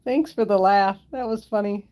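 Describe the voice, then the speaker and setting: A woman hosts a casual live stream from home, giggling often as she talks to her pets and her viewers. Her voice is medium-pitched and dark, at a moderate pace, picked up by a phone camera she holds close.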